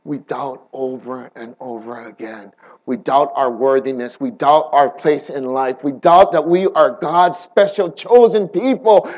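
A man preaching a sermon, swinging between hushed and impassioned and asking the audience rhetorical questions. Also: medium pitch, unhurried, low-quality recording.

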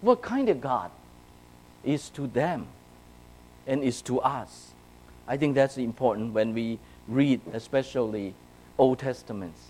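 A man's voice: medium pitch, expressive, unhurried, long pauses, darkish tone, slight background noise, rough recording. A man preaching a sermon to his congregation in a conversational way, often checking in with "right?" and "okay?". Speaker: pastor. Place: church, speaking to a congregation.

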